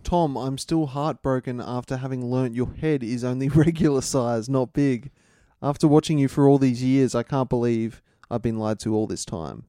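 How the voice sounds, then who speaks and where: A man's voice: medium pitch, moderate pace, hardly any pauses, warm tone, clear, resonant tone, dry recording. A young man co-hosting a comedy podcast, firing off dry, teasing comebacks in casual banter. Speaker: podcast co-host.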